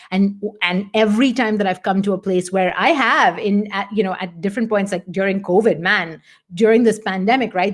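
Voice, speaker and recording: Earnest, animated woman coach. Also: medium pitch. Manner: earnest and animated, acting out her own past self. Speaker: business coach. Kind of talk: candid motivational talk to an audience.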